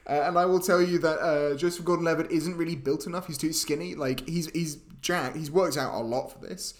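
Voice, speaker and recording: A podcast co-host with a slightly high voice, chatting in a wry, teasing way. He keeps things casual and conversational. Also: steady tone, brisk. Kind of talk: casual chat.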